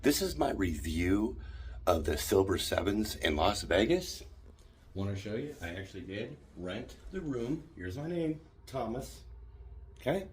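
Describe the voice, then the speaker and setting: A man telling an indignant, animated story in a ranting vlog, filmed on a handheld phone in a hotel room. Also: lowish voice, measured pace, slight background noise. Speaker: vlogger.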